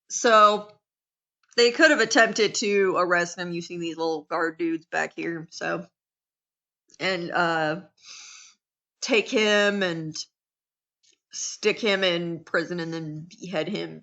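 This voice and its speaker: Slow-talking bright American woman teacher. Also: mid-range voice, muffled recording. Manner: chatty, acts out quotes, many restarts. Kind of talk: casual classroom lecture.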